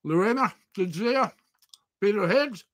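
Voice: mid-range voice, expressive, normal speed, no echo, studio quality. A livestream host chatting playfully with viewers while talking through a mouthful of food. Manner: playful, greets viewers by name, exclaims loudly. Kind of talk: casual live-stream chat.

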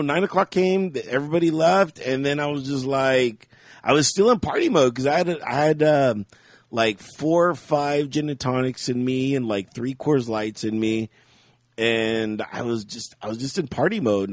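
A man's voice: mid-range voice, dry recording, studio quality. A man co-hosting a podcast, telling a rambling story in casual chat and laughing often. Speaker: podcast co-host.

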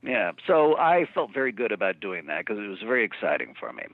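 A man, a voice actor, telling stories about his career in a chatty, animated way during a phone interview. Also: lowish voice, quick pace, gravelly, dry recording. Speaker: voice actor guest. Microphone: telephone. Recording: dry tinny phone line.

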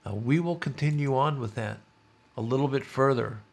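A man's voice: mid-range voice, normal speed, breathy edge. A man hosting a podcast, reading a news story aloud and breaking off for wry, sardonic asides. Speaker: podcast host.

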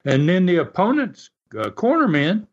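His voice is high, with big swings in pitch and a moderate pace. On a podcast with a dull lo-fi recording, this co-host and storyteller wanders through wrestling anecdotes, stuffed with fillers and restarts.

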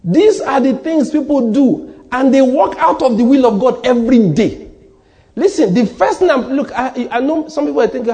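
A man's voice: very high-pitched, expressive, normal speed, dark tone. A man with a Nigerian accent preaching a sermon as pastor, emphatic and repeating his key lines, sometimes dropping almost to a whisper.

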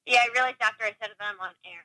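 Fast-talking bright young woman. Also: fairly high pitch, rough recording. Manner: quick, pleading requests. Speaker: caller.

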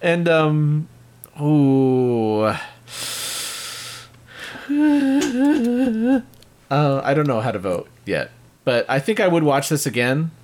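A man's voice: on the high side, wildly swooping pitch, drawn-out words, pauses often, darkish tone. A man co-hosting a casual podcast chat about an old film, laughing often and restarting his sentences. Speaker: podcast co-host reviewing a film.

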